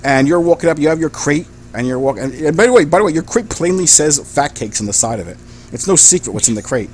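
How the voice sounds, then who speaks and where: A man's voice: fairly high pitch, lively intonation, slight background noise. A man narrating as game master of a tabletop game, describing scenes with frequent restarts. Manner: rambling, halting description with restarts.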